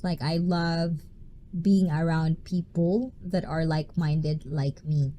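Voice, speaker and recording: A woman's voice: lowish voice, warm tone, a little hiss or hum. A woman hosting a casual livestream, chatting playfully, reading viewers' messages aloud and laughing often. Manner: playful, talkative. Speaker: livestream host.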